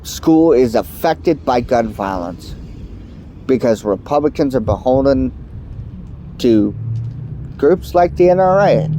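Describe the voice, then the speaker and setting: A man's voice: medium pitch, lively intonation, slow pace, long pauses, dark tone, a little hiss or hum. A man vlogging a heated political rant to camera, angry and emphatic, sounding stuffed up from allergies. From United States.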